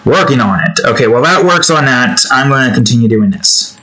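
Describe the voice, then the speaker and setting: A man chatting casually while he draws, rambling through off-topic asides and swinging into animated mock rants. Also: mid-range voice, brisk, low-quality recording. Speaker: art vlogger. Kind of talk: casual chat while drawing.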